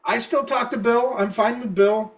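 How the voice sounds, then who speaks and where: A drunk man rants on a podcast, swearing constantly and tripping over repeated words as he restarts his sentences. His voice sits fairly high for a man. He is recorded a little far from the microphone. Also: fairly even intonation, normal speed. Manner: profane, repetitive, stammering restarts. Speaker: podcast co-host. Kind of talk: casual podcast rant.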